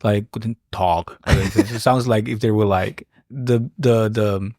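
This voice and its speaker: A podcast host talking casually and relaxed, with many fillers and quick backchannels. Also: medium pitch, dry recording, clean studio sound. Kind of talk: casual conversational interview.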